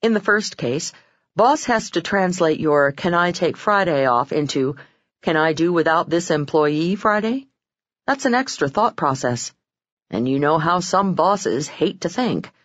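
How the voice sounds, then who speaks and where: A woman reading self-help narration from a script, expressive and acting out quoted lines with sudden pitch jumps. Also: a little slow, no room sound, lo-fi sound. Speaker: audiobook narrator.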